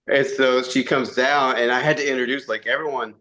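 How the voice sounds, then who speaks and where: A man, a podcast guest, telling animated stories in casual chat, acting out quotes and swearing freely. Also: mid-range voice, normal speed. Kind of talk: casual storytelling interview.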